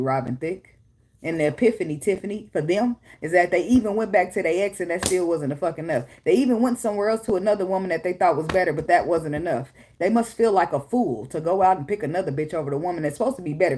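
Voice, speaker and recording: A woman with a lowish, slightly mellow, slightly rough voice reads tarot casually at home while her daughter is nearby. She speaks bluntly with plenty of swearing, laughs often, and sometimes slips into song.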